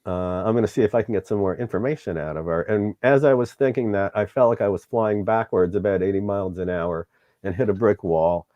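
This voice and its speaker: A middle-aged man with a low, mellow voice tells a personal story in an interview. He is candid and emotional, and he acts out the dialogue as he goes. The sound is dry and somewhat dull. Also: brisk, dry recording. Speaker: show host being interviewed.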